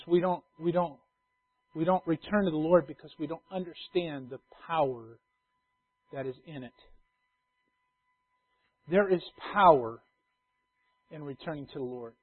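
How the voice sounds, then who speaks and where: A man preaching an expository sermon as pastor, teaching verse by verse and building to loud, emphatic stress on key phrases. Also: a little high, moderate pace, long pauses, husky. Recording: tinny phone-like sound.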